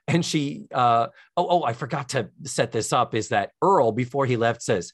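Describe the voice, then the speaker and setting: A man co-hosting a podcast, recapping a sitcom in casual chat as an animated storyteller. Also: moderate pace, hardly any pauses. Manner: animated storyteller, sing-song pitch swings. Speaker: podcast co-host.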